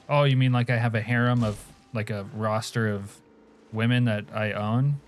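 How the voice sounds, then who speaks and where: A man's voice: fairly low pitch, fairly even intonation, moderate pace, faint music behind. A man from Alaska streaming a game, chatting casually and crudely with viewers, joking and laughing often. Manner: profane, joking, answers chat, laughs often. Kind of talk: casual live-stream chat.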